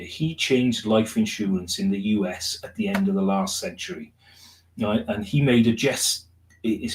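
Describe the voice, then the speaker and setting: Lower-pitched man presenting, constant "right?". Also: distant mic, slight background noise. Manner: peppers sentences with "right?" tag questions; upbeat, motivational delivery. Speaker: conference speaker. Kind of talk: technical conference presentation. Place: conference room. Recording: roomy conference room echo.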